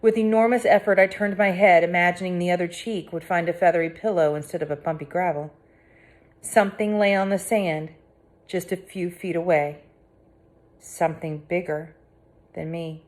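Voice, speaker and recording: A woman reading a first-person audiobook aloud with dramatic, tense delivery that drops to hushed tones. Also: lowish voice, steady tone, moderate pace. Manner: dramatic, swinging between hushed and cried out. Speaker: audiobook narrator.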